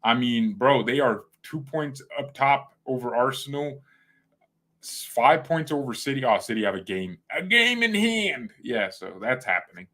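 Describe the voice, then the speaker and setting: A man's voice: medium pitch, moderate pace, a bit bright. A young man hosting a fan channel, rambling casually and using slang as he reacts to football results. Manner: rambling, slangy, jumps between topics.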